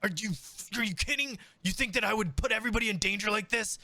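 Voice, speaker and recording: Guy doing a freaked out fame-hungry showman, squeaky and rushed, pleading. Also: pushed and bright, full character voice. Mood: panicked. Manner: frantic, pleading, high and rushed.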